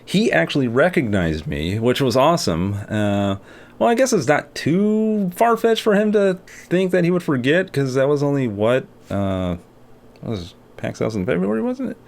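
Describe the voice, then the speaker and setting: A man's voice: medium pitch, big pitch swings, normal speed, creaky. A young man telling a story in a casual vlog, rambling with many fillers and restarts. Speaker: artist and video creator.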